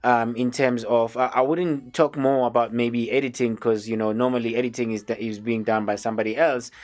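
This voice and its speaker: A man's voice: mid-range voice, brisk. A man hosting a live interview, playful and chatty with lots of fillers. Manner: animated, playful, many fillers. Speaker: talk show host.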